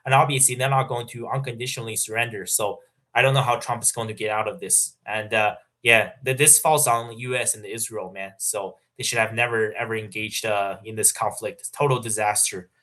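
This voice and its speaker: A man's voice: lowish voice, steady tone, bright, forceful tone. Casual man chatting on a livestream. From Canada. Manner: halting, many fillers and restarts, laughs often. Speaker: livestream host. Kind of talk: casual livestream chat reading super chats.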